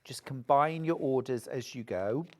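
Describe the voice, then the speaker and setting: A woman's voice: a bass voice, unhurried. A woman presenting live on a TV shopping channel, gushing over the products and urging viewers to buy. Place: TV studio.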